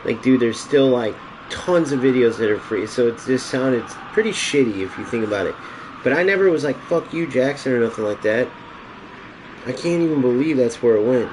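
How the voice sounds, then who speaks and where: A man's voice: medium pitch, lively intonation, fairly quick, noisy background. A man streaming a game, ranting casually and profanely to his chat. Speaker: gaming streamer.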